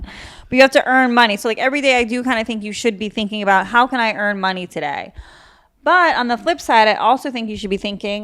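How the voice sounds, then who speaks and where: A woman's voice: medium pitch, brisk, fairly bright tone. A young adult woman hosting a solo comedy podcast, talking casually with lots of swearing, jokes and bursts of mock outrage. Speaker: podcast host.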